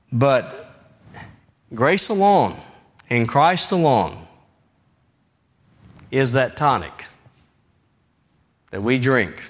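In his role as pastor, a man delivers a sermon that is emphatic and full of repetition. His delivery alternates between loud, high-pitched emphasis and soft, low phrases.

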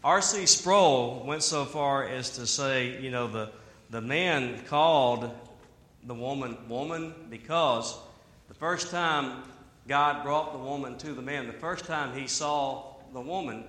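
A man preaching a sermon in an animated way, with humor and asides. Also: mid-range voice, slow pace. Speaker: pastor. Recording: echoey hall.

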